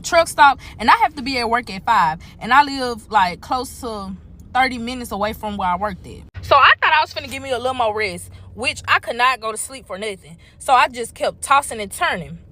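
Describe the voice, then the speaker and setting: A woman telling a personal story to viewers in a casual, animated and profane way. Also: a little high, brisk.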